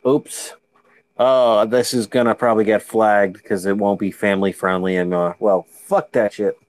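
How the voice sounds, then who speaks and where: A man's voice: on the low side, fairly even intonation, moderate pace. A tired man in laid-back chat, hosting a fishkeeping livestream from home and reading viewer comments aloud. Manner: laid-back, drawling, jokey. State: tired, yawning. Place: home, during a video-call livestream. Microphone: computer mic.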